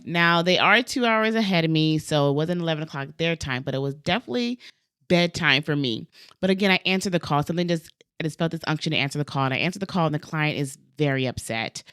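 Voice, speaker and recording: A woman with a slightly low voice shares a story from her coaching work in a relaxed, chatty way. She keeps tossing in "like" and "right?" and jumps into the voices of the people she quotes. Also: fast, smooth. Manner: animated, acts out quoted dialogue, frequent "like" and "right?". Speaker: cleaning business coach. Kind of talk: casual storytelling to camera.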